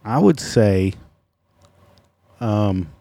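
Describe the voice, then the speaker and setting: A man hosts his own podcast alone and rants in a loose, profane way, mocking his listeners and himself. His voice sits low and sounds mellow rather than bright. The recording is dry, with little room sound. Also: expressive, extremely slow, creaky, no room sound. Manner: profane, sarcastic, self-mocking. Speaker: podcast host. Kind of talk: casual solo podcast rant.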